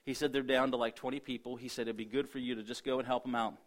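A man's voice: mid-range voice, little pitch movement, fast talker. A middle-aged man from Ohio preaching, telling a personal testimony with quoted dialogue and frequent restarts. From Ohio, USA. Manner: storytelling, quotes himself and others, many restarts. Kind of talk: sermon testimony.

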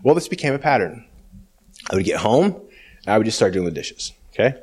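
Man, testimony speaker; very lively pitch, conversational, slips into voices for the people in his story. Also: a little fast, breathy edge. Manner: conversational, acts out dialogue in shifting voices; frequent asides like "okay?" and "you know". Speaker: speaker giving a personal testimony.

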